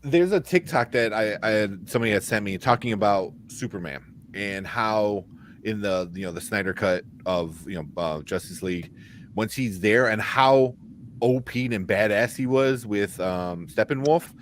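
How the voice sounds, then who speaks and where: A man's voice: lowish voice, moderate pace, a little hiss or hum. A man co-hosting a podcast, chatting casually and retelling movie scenes with lots of fillers. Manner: rambling, retells movie scenes with quoted voices. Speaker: podcast co-host. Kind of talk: casual chat.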